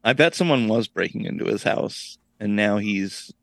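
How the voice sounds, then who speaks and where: A man co-hosting a casual podcast chat, teasing in a deadpan, joking way. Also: on the low side, normal speed, creaky, no echo. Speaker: podcast co-host.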